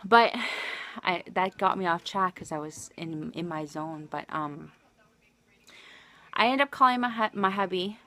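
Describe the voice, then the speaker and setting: A woman's voice: on the low side, a little slow, bright, forceful tone. A married woman livestreaming, telling a personal story in an emotional, rambling way full of restarts. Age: adult, married.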